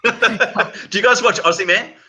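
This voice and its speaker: A man's voice: mid-range voice, animated, brisk, sharp tone. A man in casual chat on a video call, enthusiastic, laughing often and swearing freely.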